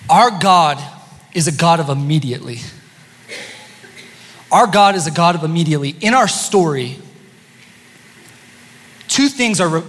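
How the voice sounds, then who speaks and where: A high-pitched man preaches a sermon to his congregation, easy and playful as he teases listeners between points. His voice carries through a large sanctuary with a long, ringing reverb. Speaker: pastor. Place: church sanctuary. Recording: long church-hall reverb.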